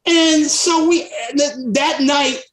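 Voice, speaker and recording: A man's voice: very high-pitched, slow, crowd noise. Older man telling stories, roomy echo. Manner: animated storyteller, laughs often, acts out voices. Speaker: guest singer. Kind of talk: storytelling interview.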